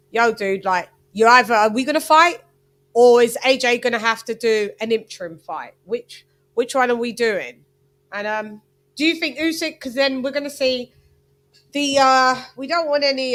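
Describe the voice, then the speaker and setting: A woman's voice: on the high side, a bit bright. Chatty woman boxing vlogger. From Britain. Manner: chatty, wandering, talks to viewers. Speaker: boxing channel host. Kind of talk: casual livestream commentary.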